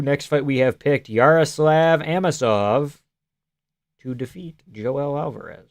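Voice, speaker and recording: A man with a fairly high voice and a measured pace runs a live stream, voicing messages from viewers. His replies are easygoing and jokey, at times slipping to a near-whisper, typical of casual stream chat.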